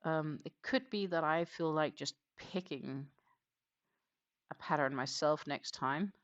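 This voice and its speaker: A crochet livestream host chatting casually while working, rambling with lots of hesitations and quietly counting stitches. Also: medium pitch, measured pace, highs cut off. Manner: rambling and hesitant, many fillers, counts stitches under breath.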